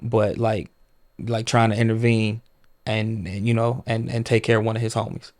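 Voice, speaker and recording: A man's voice: on the low side, flat delivery, moderate pace, a little mellow. A man guest on a podcast, telling stories in a rambling casual way, full of "like" and swearing.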